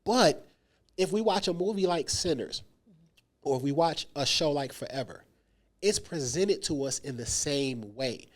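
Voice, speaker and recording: Animated man reviewing a movie. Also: on the high side, unhurried. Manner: animated, emphatic, lots of "yo" and acted-out quotes. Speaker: podcast co-host. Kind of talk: casual movie review chat.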